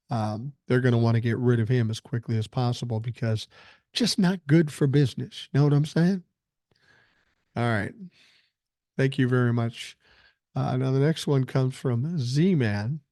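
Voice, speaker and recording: A man's voice: mid-range voice, dark tone, no echo, studio quality. An older man hosting a podcast, reading listener emails aloud and answering them bluntly with plenty of swearing, still getting over a cold. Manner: blunt, profane, opinionated. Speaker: podcast host.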